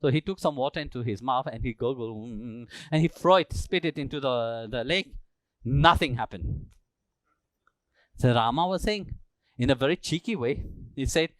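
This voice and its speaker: A male spiritual teacher telling a sacred story during a live talk in a temple, acting out the characters with animated delivery. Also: mid-range voice, moderate pace, no echo. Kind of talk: storytelling sermon.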